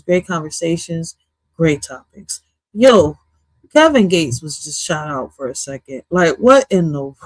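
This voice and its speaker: A woman hosting a live stream, giving loud, profane reaction commentary and laughing often. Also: medium pitch, no room sound. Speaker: streamer host.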